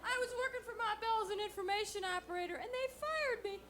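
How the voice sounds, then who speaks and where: A woman comedian performing a stand-up set with deadpan punchlines and bits of song, on a 1980s club recording. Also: very high voice, fast talker. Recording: 1980s VHS club recording with music and crowd. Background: audience laughter and music.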